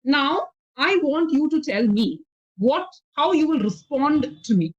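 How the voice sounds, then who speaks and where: Teaching spoken English online, a woman with an Indian English accent uses a high voice with big pitch swings and a slightly slow pace. She is patient and explanatory, often making sure the learner follows, and the recording is a little dull and lo-fi.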